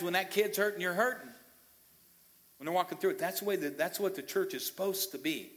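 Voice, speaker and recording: Bright-voiced pastor preaching in a reverberant church hall. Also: male voice, mid-range voice. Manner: conversational, checks in with "okay?" and asides. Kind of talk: sermon. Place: church sanctuary.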